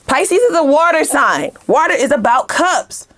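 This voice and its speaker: A woman giving a casual tarot reading to her viewers in a heated, animated way, swearing freely and speaking straight to the camera with slang. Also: high-pitched, moderate pace, few pauses. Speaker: tarot reader.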